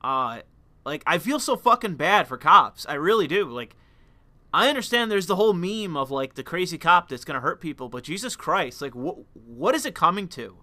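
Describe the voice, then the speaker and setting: A man delivers a heated political commentary monologue, profane and rambling, full of fillers. His voice is a little high and very bright and sharp. The sound is dry and close to the mic. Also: very animated, moderate pace, no echo. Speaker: commentary channel host.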